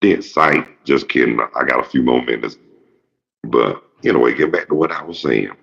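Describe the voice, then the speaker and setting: Gravelly, very deep man in his fifties. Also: normal speed, fairly bright tone. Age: 50s. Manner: rambling, profane, jokey storytelling. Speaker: show host. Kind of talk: casual monologue. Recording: dull lo-fi recording.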